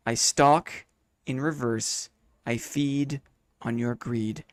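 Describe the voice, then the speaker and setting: A man voicing a hungry, creeping mimic monster, reciting a riddle in a slow, hushed, low tone. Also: fairly even intonation, dry recording, natural voice. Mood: hushed menacing.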